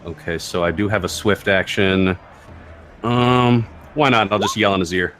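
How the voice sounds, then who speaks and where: A man's voice: sits low, steady tone, moderate pace, a bit bright, slight background noise. A man playing a tabletop game, chatting casually, swearing and checking the rules aloud. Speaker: player.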